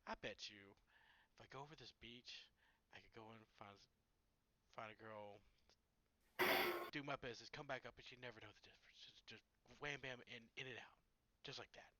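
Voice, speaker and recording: A man's voice: moderate pace, long pauses, sharp tone, a little hiss or hum, lightly acted. A man doing a bored, smug superhero. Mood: musing. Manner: musing, low-key.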